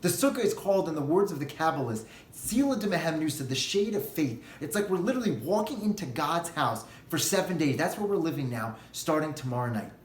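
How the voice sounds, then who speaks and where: A high-voiced male rabbi preaching a holiday sermon, telling a parable with animated storytelling energy. His voice rings in an echoey room. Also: brisk, hardly any pauses, slight background noise.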